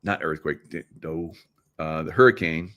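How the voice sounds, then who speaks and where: A man's voice: rumbling low, normal speed, a bit bright, slight background noise. A middle-aged man hosting a live chat to viewers, rambling and conspiratorial, laughing often as he talks. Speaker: livestream host. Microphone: computer mic, screen sharing.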